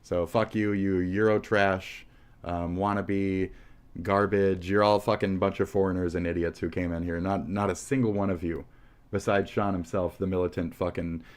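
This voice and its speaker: A man's voice: low voice, little pitch movement, normal speed, smooth. A man streaming live, delivering a profane, rambling, combative rant at his viewers. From United States.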